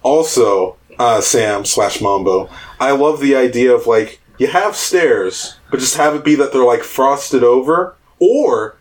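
A man's voice: mid-range voice, lively intonation, unhurried, few pauses. A man hosting a podcast, chatting loosely and rambling about tabletop games. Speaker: podcast host.

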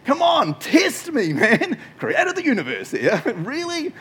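A man's voice: very high-pitched, wildly swooping pitch, slow pace, fairly bright tone, slightly rough, pitched above the performer's own voice, full character voice. A man voicing a boisterous, teasing male God, laughing and mock-incredulous.

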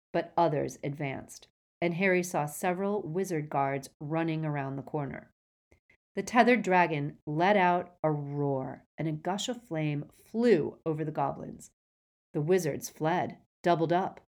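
A woman narrating an audiobook in a dramatic, expressive way, lifting her voice for the action. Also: low voice. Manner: expressive reading, raising voice for action.

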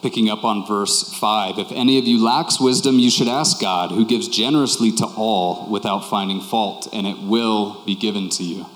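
Low-voiced man preaching in an echoey hall. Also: normal speed, hardly any pauses. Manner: conversational and candid, repeating key phrases. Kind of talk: sermon. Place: church hall with congregation. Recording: echoey hall with long reverb.

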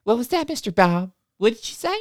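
A woman's voice: a little high, very animated, brisk, no room sound, studio quality, voice pushed up. A woman voicing a theatrical, syrupy music teacher who talks to children as if performing into a microphone. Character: gushing sing-song female music teacher, middle-aged.

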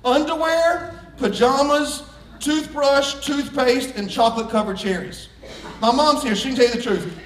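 A man preaching a sermon to a congregation, joking and swinging from hushed asides to loud shouts. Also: extremely high pitch, moderate pace, recorded from a distance. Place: church sanctuary. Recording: echoey room, voice from off-mic.

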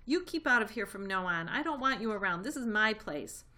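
A woman voicing a rude, indignant male rat who shrieks from a high shelf in a storybook reading. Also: sing-song, brisk, bright, forceful tone, far from the mic, exaggerated voice. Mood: scolding.

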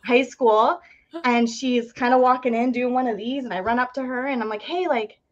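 A young woman talks as a podcast guest, her voice sitting a little high. She tells her story in a chatty, animated way, full of "like" and little acted-out quotes. The audio sounds slightly dull and lo-fi. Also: a little fast, slight background noise. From Ontario, Canada. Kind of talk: casual storytelling interview.

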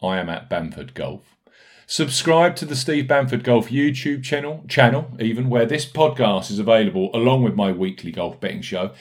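A man hosting a casual podcast, brisk and jokey, reading out notes and listener reviews between banter. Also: mid-range voice, animated. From United Kingdom. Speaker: podcast host.

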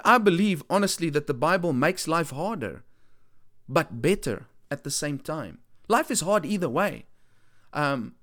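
A man's voice: on the high side, fairly bright tone. A man, an earnest Christian speaker who repeats points for emphasis and often restarts his sentences. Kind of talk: earnest preaching talk.

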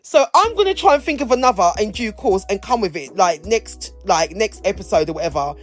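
Soft music plays behind this podcast co-host, whose mid-range voice is animated and brisk. She rambles through a playful, casual chat, often starting sentences over.

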